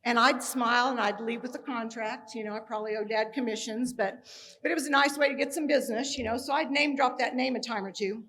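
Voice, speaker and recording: A woman's voice: fairly high pitch, fast talker, a bit bright, slight background noise. Woman telling funny tribute stories. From Kansas, USA. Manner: humorous storytelling with acted-out dialogue. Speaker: speaker at a tribute ceremony. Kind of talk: personal tribute speech.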